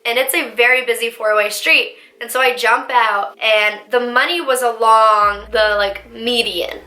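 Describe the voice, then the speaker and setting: A young woman vlogger telling a dramatic story in a lively, animated way. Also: on the high side, unhurried. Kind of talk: storytime vlog. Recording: echoey room.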